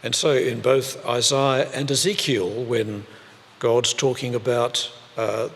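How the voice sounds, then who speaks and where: A man preaching a sermon in a church, speaking deliberately with pauses and repeated phrases. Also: mid-range voice, steady tone, gravelly, fairly bright tone, long reverb tail. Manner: slow, deliberate delivery with pauses and repetition.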